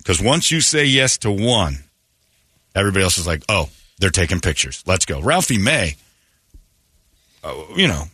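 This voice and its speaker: A man hosting a morning radio show, telling stories in casual banter and mockingly acting out shouted quotes. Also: sits low, big pitch swings, normal speed, pauses often, husky, no room sound, studio quality. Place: radio studio.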